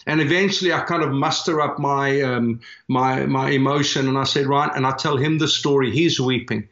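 A man with a South African accent telling a personal story in an earnest, animated way, filling pauses as he goes. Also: medium pitch. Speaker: guest, church planter. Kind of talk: storytelling in conversation. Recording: echoey, dull remote audio.

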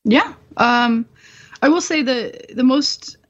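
A woman's voice: high voice, slow pace. A woman in her twenties, a guest on a podcast, telling her story in a candid, profane, self-mocking way and laughing often. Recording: slightly dull podcast audio.

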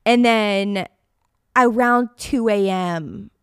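A young woman co-hosting a podcast, telling a story in an animated, chatty way and laughing often. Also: mid-range voice, drawn-out words, clear, resonant tone, no echo, clean studio sound. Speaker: podcast co-host. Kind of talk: casual storytelling chat.

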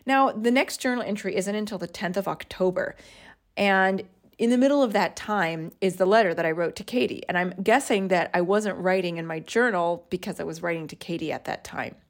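A woman's voice: lowish voice, fairly quick. A woman in her forties, a podcast host, reads her old journal entries aloud and laughs at her younger self. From United States. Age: 40s.

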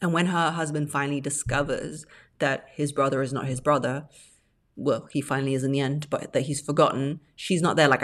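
A woman's voice: rumbling low, fairly quick. Blunt woman giving relationship advice. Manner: blunt, animated, acts out quoted phrases in mocking voices. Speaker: podcast host.

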